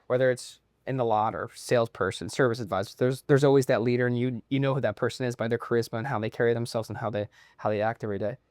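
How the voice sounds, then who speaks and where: A man hosting a casual podcast interview, asking quick, upbeat questions. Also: mid-range voice, steady tone, darkish tone, no echo, studio quality. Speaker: podcast host.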